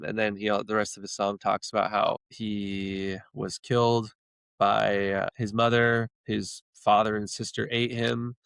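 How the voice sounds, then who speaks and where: A man's voice: lowish voice, level tone, unhurried, vocal fry, fairly bright tone, smooth, no echo. A man, a podcast guest, retelling stories in a rambling, casual way with many restarts. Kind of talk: casual storytelling chat.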